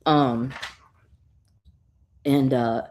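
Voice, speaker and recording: A woman with a notably low voice casually recaps a comic book. She tells the story in an animated way, swears freely and fills her pauses with plenty of "um"s and "uh"s. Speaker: guest reviewer.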